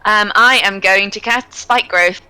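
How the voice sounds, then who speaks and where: A woman's voice: mid-range voice, a little slow, sharp tone, clean tone, low-quality recording. A woman playing a tabletop game, working through her turn a little hesitantly. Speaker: player. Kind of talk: casual tabletop play.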